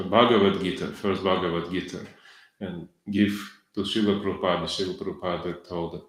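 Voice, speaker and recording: A middle-aged man giving a devotional lecture in halting English, full of fillers and self-corrections, with chuckles between points. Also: deep voice. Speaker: lecturer on scripture. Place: temple lecture hall. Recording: very echoey lecture hall.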